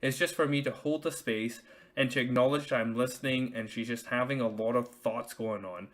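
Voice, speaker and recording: Rambling young dad podcast host. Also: male voice, medium pitch, fairly even intonation, fairly quick. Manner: rambling, heavy with fillers and restarts. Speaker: podcast host, new father. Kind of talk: casual podcast conversation.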